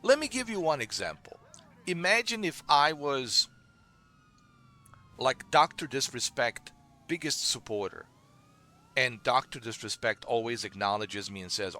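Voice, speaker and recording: A man's voice: medium pitch, animated, a little slow, pauses often, sharp tone. A man streaming, giving a scolding, repetitive rant at a viewer he keeps calling dude. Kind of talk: ranting monologue to a viewer.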